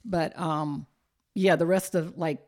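A woman's voice: low voice, steady tone, takes it slowly, darkish tone. A middle-aged woman from southern California, chatting casually and telling family stories with frequent laughs. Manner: chatty storyteller, laughs often. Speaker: guest, host's mother. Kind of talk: casual chat.

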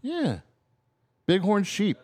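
A man's voice: high-pitched, wildly swooping pitch, slow, a little mellow. A man co-hosting a comedy podcast, dropping dry jokes in casual chat. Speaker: podcast co-host.

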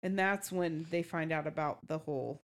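A woman co-hosting a casual book podcast, chatty and relaxed as she recaps a story. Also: low-pitched, normal speed. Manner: chatty, explains the plot in a relaxed way. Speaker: podcast co-host.

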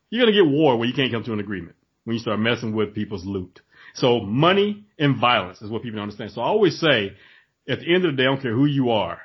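A man talking in an animated casual chat, acting out voices in his stories. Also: medium pitch, husky. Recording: dull lo-fi recording.

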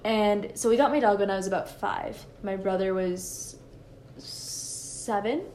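A woman's voice: medium pitch, measured pace, a little mellow, a little hiss or hum. A young woman co-hosting a podcast, chatting casually, giggly and rambling with many restarts. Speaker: podcast co-host. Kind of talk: casual chat.

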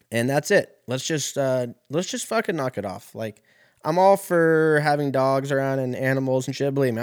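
A man delivering a heated, rambling comedic rant full of swearing as a solo podcast host. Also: medium pitch.

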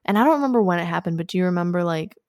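Low-voiced young woman recapping a film. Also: rapid-fire, dry recording, studio quality. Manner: relaxed, steady storytelling with fillers, quotes characters. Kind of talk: casual chat recapping a movie.

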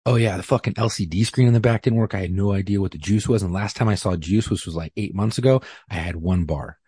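A man, a police officer, telling a story in casual podcast talk, profane and animated, acting out what people said. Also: low voice, fast talker, slightly rough, dry recording, clean studio sound. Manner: profane, animated, acts out quotes.

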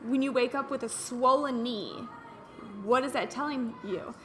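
A woman hosting a casual wellness podcast, telling stories in an animated way and acting out what people said. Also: on the high side, a little slow. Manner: animated storyteller who acts out quotes. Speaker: podcast host.

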